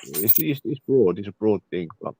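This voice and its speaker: A man's voice: lowish voice, big pitch swings, normal speed, dark tone, slight background noise. A man chatting loosely on a group video call, joking and restarting his sentences. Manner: rambling, joking, frequent restarts. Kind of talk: casual group call chat. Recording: dull dry call audio.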